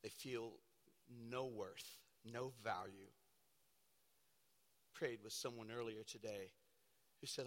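A man, a pastor, preaching a sermon with dramatic storytelling that swings from loud to hushed. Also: fairly low pitch, steady tone, slow, pauses often. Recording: long hall reverb.

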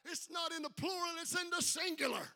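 An older man preaching a fiery sermon, building from quiet talk to shouted peaks and calling out for responses. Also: extremely high pitch, a little fast. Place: church sanctuary with congregation. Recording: live hall with long reverb.

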